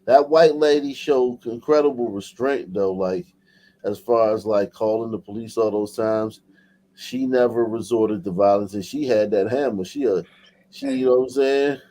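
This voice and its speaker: A man's voice: fairly low pitch, normal speed, mellow, low-quality recording. A man co-hosting a casual commentary chat, laid-back and agreeing, stretching words for emphasis. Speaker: co-host.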